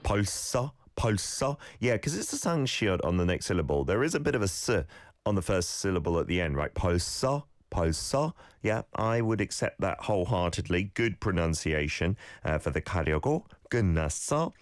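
A male radio host teaching Korean in a studio, lively and encouraging, carefully explaining pronunciation. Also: sits low, fast talker, dry recording. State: slight cold, sneezing. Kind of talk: radio lesson with listener clips.

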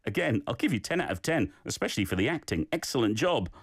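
Male radio host, playful and encouraging, animated delivery, dry close studio sound. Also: mid-range voice, quick pace, no room sound. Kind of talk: hosting a radio language segment.

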